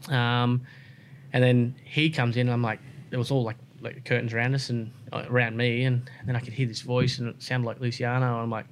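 A man's voice: medium pitch, flat delivery, a little fast, a little hiss or hum. An Australian man, a racer guest, telling his story in casual interview chat with lots of fillers and restarts. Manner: rambling, many fillers and restarts.

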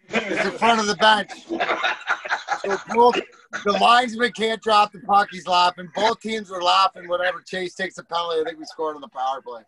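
A man's voice: high-pitched, brisk, pushed and bright, poor audio. A middle-aged man, a former hockey player, telling rambling, profane locker-room stories and acting out the quotes. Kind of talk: casual storytelling.

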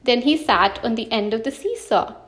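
A woman reading a children's picture book aloud with expressive, animated delivery. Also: on the high side, moderate pace. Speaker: storyteller. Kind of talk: storybook read-aloud.

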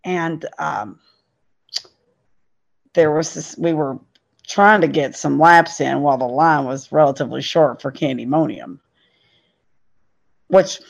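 A woman's voice: deep voice, takes it slowly, vocal fry, pauses often. A middle-aged woman, a podcast guest and parent, telling a story in an earnest, emphatic way. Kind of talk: casual storytelling. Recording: dull lo-fi sound.

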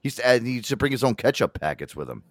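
A man from Connecticut hosting a casual radio show, rambling and swearing freely as he tells animated stories. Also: medium pitch, very fast, no room sound. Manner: profane, rambling, animated storyteller.

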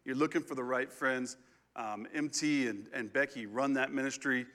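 A man's voice: mid-range voice, fairly even intonation, normal speed, pushed and bright. A man co-pastoring a sermon, speaking directly to the congregation with questions. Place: church sanctuary.

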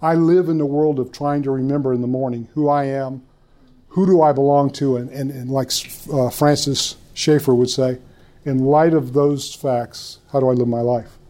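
A man's voice: mid-range voice, fairly even intonation, normal speed, mellow. An older man giving a folksy, rambling church teaching talk to a room of people, with stories, restarts and repeated words. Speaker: speaker at a church conference.

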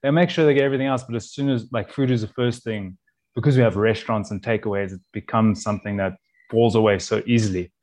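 A man who works as a chef, talking as a guest on a relaxed podcast in a fairly low voice. He speaks earnestly and rambles, often breaking off and restarting his sentences as he thinks. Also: fast. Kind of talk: casual conversational interview.

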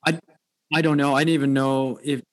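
A man chats as a podcast guest, rambling through a story and restarting his sentences often. His voice is of middling pitch, unremarkable and easygoing. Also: flat delivery, a little fast, a crowd in the background. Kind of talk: casual chat.

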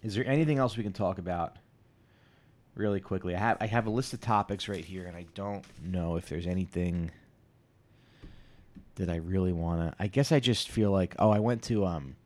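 Low-voiced guy in his 30s rambling on his solo podcast, crude and self-mocking, keeps restarting. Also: a little mellow. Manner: crude, self-deprecating, halting with many restarts. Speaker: podcast host.

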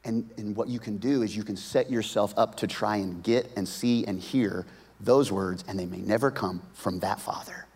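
A male pastor preaching a sermon, moving between hushed whispers and loud, emphatic bursts, often repeating words. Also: lowish voice, normal speed, slightly rough. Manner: repeats words and restarts phrases. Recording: long reverb of a large hall.

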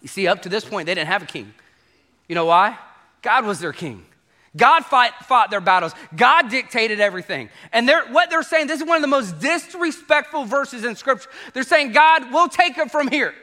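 A man preaching a sermon to a congregation as pastor, animated and acting out quoted voices. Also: very high-pitched, normal speed.

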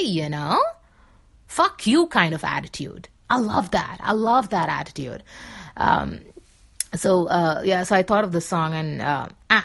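Rambling woman, lots of fillers. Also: on the low side. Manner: rambling, many fillers and restarts; sings pop lyrics in breathy snatches. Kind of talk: casual talk to camera.

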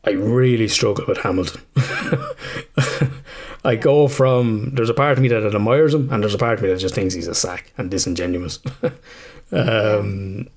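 A man's voice: lowish voice, normal speed, darkish tone. A man in his thirties, a psychotherapist co-hosting a podcast, rambling casually with swearing and laughter. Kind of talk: casual chat.

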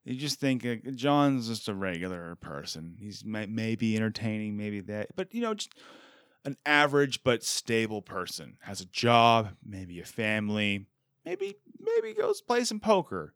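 A man in his thirties hosting a podcast, chatting casually with quick self-deprecating jokes. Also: fairly low pitch, smooth, no room sound, studio quality. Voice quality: animated, jokey, self-deprecating. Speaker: podcast host. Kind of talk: casual chat.

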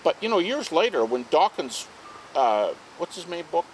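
A man tells stories to a small group at an outdoor party, with a lively, swooping delivery. His voice sits a little high for a man. Faint outdoor and traffic noise is heard behind him. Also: moderate pace, poor audio. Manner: animated, acts out quoted speech. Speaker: guest speaker. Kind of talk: anecdotal storytelling to a small group.

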